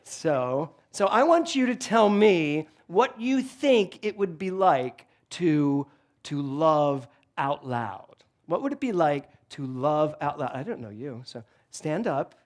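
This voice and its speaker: Animated joking male minister. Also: high-pitched, a little slow, few pauses. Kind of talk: sermon with humorous stories. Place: church sanctuary before a congregation.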